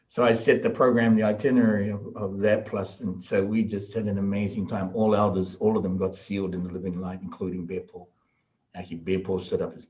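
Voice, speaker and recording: A middle-aged man with a fairly low voice tells stories in a loose, animated way. He laughs often and slips into the voices of the people he quotes. The recording sounds a little dull and lo-fi. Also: brisk. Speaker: podcast guest, shaman. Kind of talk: casual storytelling.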